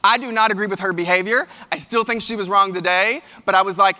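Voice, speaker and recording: A man gives a keynote in a big hall, and his voice rings out with a long reverb. He sounds high and bright as he tells animated stories and speaks straight to the crowd. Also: a little fast. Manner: animated storytelling, addresses audience directly. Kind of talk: motivational keynote. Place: large hall with live audience.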